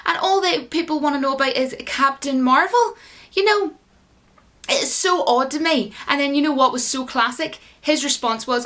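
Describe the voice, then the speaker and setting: A woman gives an indignant vlog rant, her high voice full of animated outrage. She talks straight to her viewers and keeps piling up complaints. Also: moderate pace. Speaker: YouTube commentator. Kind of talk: ranting vlog commentary.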